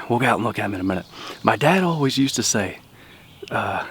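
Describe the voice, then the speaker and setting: A man's voice: on the low side, lively intonation, quick pace, long pauses, a bit bright, slight background noise. A man whispering outdoors in the woods, hosting a hunting vlog on a camera mic, with birds heard around him. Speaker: hunting video host.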